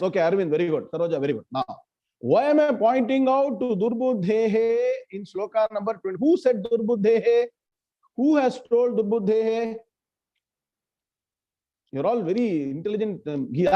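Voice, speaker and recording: A man's voice: high voice, dark tone. A man leading an online scripture class, often quizzing students by name. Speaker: scripture teacher. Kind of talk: online lecture. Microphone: video call. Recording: muffled lo-fi online class audio.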